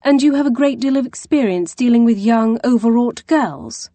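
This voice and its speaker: A woman's voice: fairly high pitch, expressive, moderate pace, mellow, no room sound, voice pushed up, natural voice. A woman voicing a distraught young woman who is an older sister, tearful and defensive. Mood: upset.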